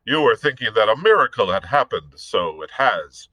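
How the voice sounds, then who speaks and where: A man's voice: on the low side, sing-song, moderate pace, sharp tone, no echo, exaggerated voice, poor audio. A man doing a sardonic Irish pirate captain. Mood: mocking. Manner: dry, mocking, self-assured. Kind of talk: read-aloud storytelling.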